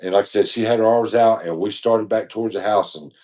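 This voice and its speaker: Man, podcast co-host, rambling slangy storyteller, lowish voice. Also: fairly quick, darkish tone. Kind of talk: casual storytelling chat.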